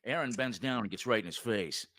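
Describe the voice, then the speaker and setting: A man hosting a podcast and reading stage directions for a comedy script with a lively, emphatic delivery. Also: lowish voice, a little fast. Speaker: podcast host.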